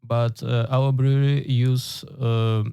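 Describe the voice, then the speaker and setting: Guy brewer, slow halting english w lots of uh, gravelly dark voice. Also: mid-range voice, little pitch movement, no room sound, studio quality. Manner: halting, many uh fillers, searching for English words. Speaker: guest brewer. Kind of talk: casual interview answers.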